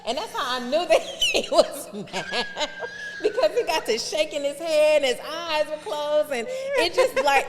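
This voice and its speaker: A woman's voice: high voice, big-room sound. A woman in her thirties telling her life story on a podcast, acting out the voices of people she quotes. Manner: animated storyteller who acts out quoted dialogue. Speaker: podcast guest.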